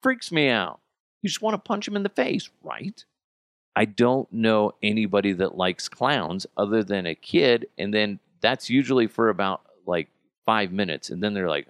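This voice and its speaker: A man hosting a podcast in casual chat, ranting bluntly with plenty of profanity and swinging between loud outbursts and muttered asides. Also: on the low side, animated, normal speed, no room sound, clean studio sound. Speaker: podcast host.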